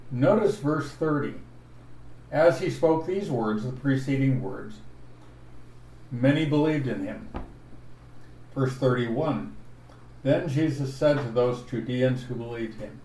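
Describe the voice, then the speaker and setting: Slow, deliberate male preacher in an echoey room. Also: mid-range voice, expressive, dark tone. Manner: slow, deliberate teaching with emphatic verse references. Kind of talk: expository Bible sermon. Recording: echoey room, voice from afar, faint noise.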